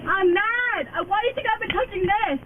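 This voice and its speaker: A drunk young woman in the back of a police car, cursing, shouting and pleading, caught on a bodycam. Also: very high voice, fairly quick, a loud crowd. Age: young adult. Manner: screaming, cursing, then pleading and rambling. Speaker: arrested woman in a patrol car. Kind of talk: bodycam footage. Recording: muffled lo-fi bodycam with loud noise.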